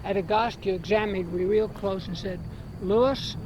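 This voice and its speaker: An older man doing stand-up comedy outdoors, delivering deadpan one-liners to a small crowd. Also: high-pitched, a little fast, lo-fi sound. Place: outdoors by the water at sunset. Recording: windy outdoor camcorder audio. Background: wind noise and a small audience laughing.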